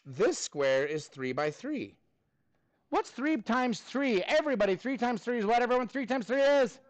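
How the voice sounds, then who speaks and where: A man's voice: very high voice, sing-song, moderate pace, dry recording. A man teaching a math class, upbeat and prompting students for answers.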